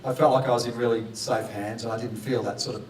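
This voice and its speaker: A man, an actor speaking in a relaxed, good-humoured and rambling way at a press conference. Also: medium pitch, quick pace, slight background noise. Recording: roomy hall, distant mic.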